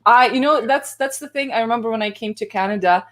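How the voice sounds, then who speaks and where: A woman's voice: fairly high pitch, fast talker, crowd noise. Chatty woman with a Ukrainian accent. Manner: chatty, laughs often, many fillers. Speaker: guest photographer. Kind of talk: casual live-stream chat. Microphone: video call, later gaming headset.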